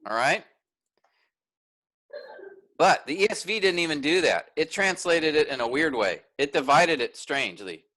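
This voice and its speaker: A man's voice: fairly high pitch, expressive, normal speed, pauses often, pushed and bright, poor audio. A man teaching a workshop, explaining step by step and often checking in with "all right?".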